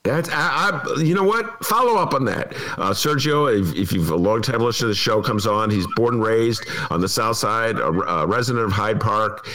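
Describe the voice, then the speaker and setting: A man's voice: fairly low pitch, expressive, normal speed, hardly any pauses, a bit bright. A man hosting a talk show, introducing his guest and cheering him on with short interjections. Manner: encouraging, brief interjections. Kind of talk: casual radio chat.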